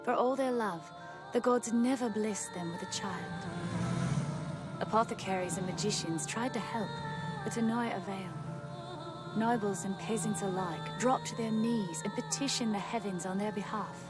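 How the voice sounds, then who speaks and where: A woman narrating a fairy tale in an English anime dub, calm and measured. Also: mid-range voice, loud music behind the voice, lightly acted.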